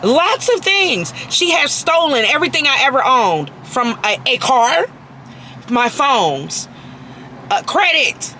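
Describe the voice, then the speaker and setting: A woman's voice: high-pitched, sing-song, takes it slowly, pushed and bright, a little hiss or hum, rough recording. A woman vlogger ranting angrily to camera, profane and emphatic, repeating herself for force. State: very angry. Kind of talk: angry personal rant to camera.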